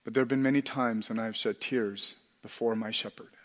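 Middle-aged guy preaching, earnest, goes soft then loud, regular mid-pitch voice. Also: fairly even intonation, moderate pace, in a large hall. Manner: earnest, swinging from hushed to loud emphatic preaching. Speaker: pastor. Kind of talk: sermon.

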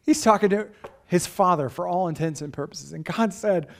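A man's voice: sits high, normal speed, creaky. A pastor delivering a sermon in an earnest, emphatic way, often asking his listeners rhetorical questions.

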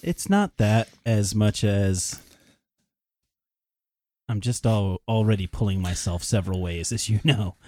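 A man from the US East Coast, co-hosting a podcast with dry, quick comebacks. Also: lowish voice, warm tone, no room sound. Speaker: podcast co-host. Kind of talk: casual banter.

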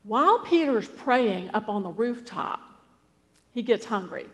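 A woman's voice: a little high, expressive, unhurried. Chatty woman retelling scripture in a hall. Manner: conversational, with asides and fillers. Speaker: preacher. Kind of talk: storytelling sermon. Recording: long hall reverb.

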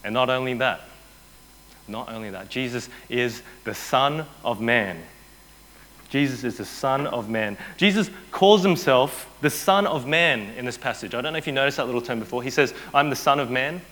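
A man preaching a sermon as pastor, telling the story with energy and dropping to a hushed voice for quoted lines. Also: mid-range voice, normal speed. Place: church.

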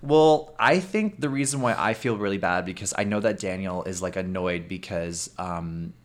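This is a man hosting a casual chat podcast, his voice sitting on the low side. He talks in an animated way, laughs a lot and drops the odd curse as he swaps actor stories. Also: moderate pace. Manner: animated, laughs often, swears freely. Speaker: podcast host.

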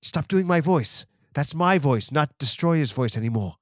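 A man's voice: a little high, animated, a little slow, no room sound, studio quality. A man voicing a fussy, indignant nineteenth-century male naturalist with a put-on British accent. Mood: annoyed.

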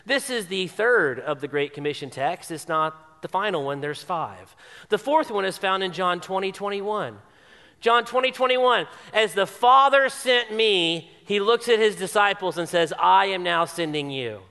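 High bright-voiced preaching man. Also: animated, unhurried, big-room sound. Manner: emphatic preaching with repeated phrases. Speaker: pastor. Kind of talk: sermon.

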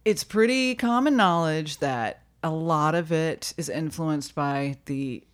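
Low-voiced chatty woman podcaster. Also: slow pace. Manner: chatty, laughs often, playful. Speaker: podcast co-host. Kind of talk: casual podcast chat.

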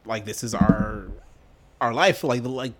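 A man's voice: medium pitch, a little slow. A man co-hosting a casual chat, rambling with lots of fillers and enthusiasm. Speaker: podcast co-host.

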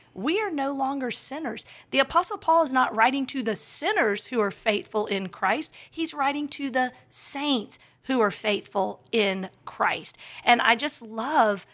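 A woman's voice: on the high side, fairly bright tone. A woman co-hosting a casual faith podcast, talking in an earnest, reflective way. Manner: earnest, reflective, quick bursts of laughter. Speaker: podcast co-host.

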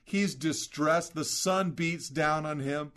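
A man's voice: a little high, slow pace, fairly bright tone. A man preaching a sermon as pastor, explaining scripture in an earnest, emphatic teaching manner with rhetorical questions.

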